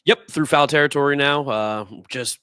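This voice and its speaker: Guest in his twenties, bright tense voice, dry sound, animated storyteller. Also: on the high side, moderate pace, clear, resonant tone, dry recording. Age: 20s. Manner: excited storytelling, emphatic. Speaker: podcast guest. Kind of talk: casual interview answers.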